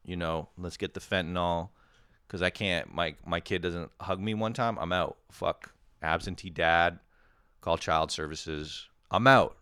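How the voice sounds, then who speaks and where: A man hosting a podcast, rambling through a self-mocking comedic monologue, swearing often and breaking into sudden loud animated bursts. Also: sits low, clean tone, no echo, clean studio sound. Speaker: podcast host.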